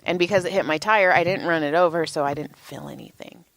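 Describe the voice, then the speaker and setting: A woman in her thirties co-hosting a podcast, telling a story in a casual, animated way and often laughing and swearing. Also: low-pitched, fast talker. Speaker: podcast co-host.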